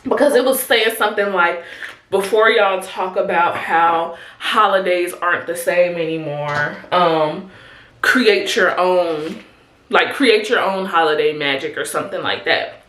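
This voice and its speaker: A woman's voice: lowish voice, unhurried, fairly bright tone, roomy sound, slight background noise. A woman in her twenties from Chicago, chatting candidly with her viewers in a casual get-ready-with-me vlog, calling them "y'all" and "honey". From Chicago, USA. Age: 20s. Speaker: vlogger. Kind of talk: casual chat while getting ready.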